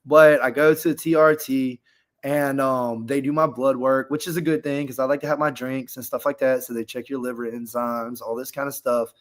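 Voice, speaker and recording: A man in the middle of a casual story on a podcast, his pitch sitting in the middle range for a man. He rambles, leans on fillers, and speaks candidly. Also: fairly even intonation, normal speed. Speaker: podcast guest.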